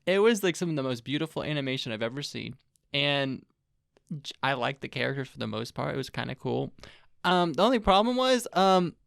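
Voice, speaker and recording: A young adult man co-hosting a casual podcast, rambling and self-deprecating, quick to laugh. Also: mid-range voice, very animated, creaky, a bit bright, clear, resonant tone, dry recording, clean studio sound. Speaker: podcast co-host. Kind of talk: casual chat.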